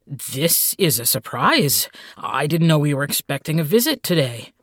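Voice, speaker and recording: Man voicing a squeaky male demon clerk, stammering, fawning, flustered, dry close sound. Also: sing-song, moderate pace, a bit bright, no echo. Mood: nervous. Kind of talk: audiobook character voice.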